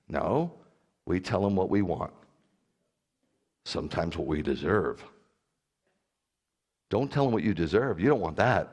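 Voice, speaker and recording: A man's voice: sits low, big pitch swings, a little slow, pauses often, breathy edge, in a large hall. A middle-aged man preaching a sermon as a rabbi, talking animatedly and putting direct questions to his congregation. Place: congregation hall.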